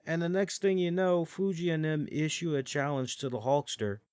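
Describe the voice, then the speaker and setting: A man in his forties hosting a podcast, telling stories in casual, animated commentary, with swearing and frequent fillers. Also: fairly high pitch, moderate pace, smooth, no room sound, studio quality. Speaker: podcast host. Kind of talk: casual wrestling review commentary.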